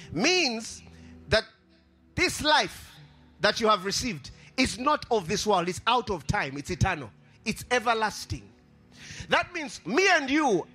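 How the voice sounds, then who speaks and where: A man preaching a sermon with impassioned, sing-song delivery, repeating his phrases and rising to shouts. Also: high-pitched.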